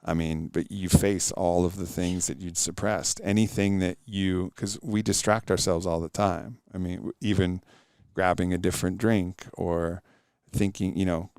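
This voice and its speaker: Podcast guest, middle-aged man, smooth and resonant, earnest storyteller. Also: deep voice, fairly even intonation, normal speed, few pauses, darkish tone, dry recording, studio quality. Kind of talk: casual interview chat.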